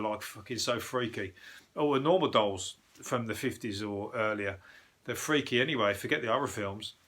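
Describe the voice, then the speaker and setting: A man's voice: medium pitch, a bit bright. A man hosting a comic news podcast, rambling through tangents, swearing freely and laughing at his own jokes. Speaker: podcast host.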